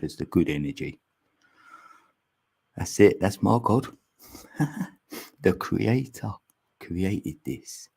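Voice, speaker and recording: A man's voice: sits low, vocal fry, darkish tone, breathy edge. A man hosting a livestream, chatting casually with viewers and rambling through musings with frequent laughs, on a mic mounted on an arm extension. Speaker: livestream host.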